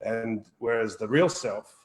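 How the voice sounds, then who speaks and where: A man's voice: mid-range voice, unhurried, poor audio. Earnest, rambling man. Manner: earnest, rambling, repeats words, swears casually. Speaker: wellbeing co-host. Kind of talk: live Q&A chat.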